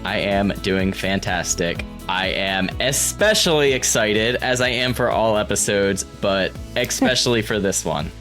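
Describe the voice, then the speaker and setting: A man's voice: fairly low pitch, measured pace, few pauses, fairly bright tone, faint music behind. A man hosting a podcast, chatting in an upbeat, welcoming way. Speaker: podcast host. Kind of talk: casual podcast chat.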